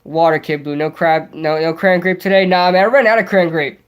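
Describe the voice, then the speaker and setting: A young man hosting a casual livestream, rambling excitably and answering viewers' chat as he goes. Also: on the high side, a little fast, clear, resonant tone, highs cut off. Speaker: livestream host.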